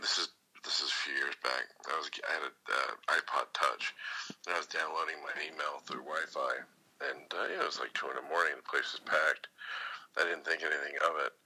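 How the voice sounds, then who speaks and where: A man's voice: extremely low pitch, sharp tone, husky, poor audio. A man from California telling a long rambling story in casual chat, acting out the voices in it. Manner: rambling, acts out voices in his stories, swears.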